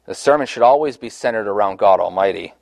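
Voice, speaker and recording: A man's voice: on the low side, animated, fast, creaky, a little mellow, no echo. Guy leading bible study, earnest, talks it through casual, real dry sound. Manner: earnest, conversational, with restarts. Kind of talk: teaching a Bible study with discussion.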